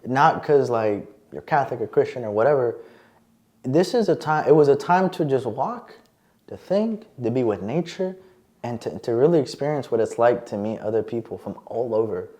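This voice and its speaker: A man chatting as a podcast guest, a lively storyteller with plenty of fillers and restarts. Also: mid-range voice, normal speed. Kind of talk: casual interview chat.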